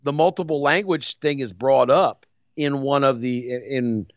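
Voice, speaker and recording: A man's voice: mid-range voice, a little slow, dry recording. A man, co-hosting a casual movie chat and slipping into mock voices. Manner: animated, slips into mock voices and laughs. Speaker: podcast co-host. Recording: dry, slightly dull audio.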